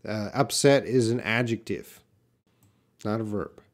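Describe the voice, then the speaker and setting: A man's voice: fairly low pitch, measured pace. A man teaching English in a live question-and-answer stream, reading out viewer questions and explaining with patient restarts and fillers. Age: young adult.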